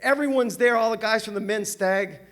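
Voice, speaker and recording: Brief: older man, Southern California, high-pitched, lively self-mocking recovery-meeting storyteller who laughs a lot. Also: normal speed. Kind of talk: personal storytelling talk. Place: meeting hall with audience.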